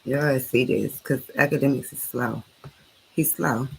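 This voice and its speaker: A woman's voice: very deep voice, measured pace, vocal fry, a little hiss or hum, poor audio. A woman hosting a late-night live stream, ranting bluntly and with lots of swearing.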